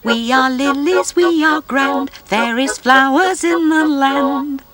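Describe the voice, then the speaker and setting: A woman voicing a chorus of proud, haughty female lilies, speaking in a shrill, snooty and scornful way. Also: huge pitch swings, a little slow, over a noisy crowd, exaggerated voice.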